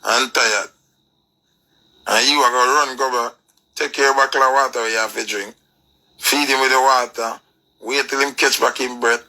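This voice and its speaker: A man's voice: mid-range voice, fairly even intonation, normal speed, long pauses, bright, forceful tone, poor audio. A man with a Jamaican accent delivering a preachy, emphatic rant full of rhetorical questions. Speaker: commentator. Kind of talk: ranting commentary.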